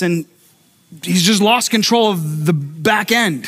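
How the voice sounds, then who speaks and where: A man's voice: high voice, slow pace, husky, soft background music. A middle-aged male pastor preaching a sermon, telling a personal story with acted-out quotes and stumbling restarts. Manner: animated storyteller who acts out quotes and repeats words.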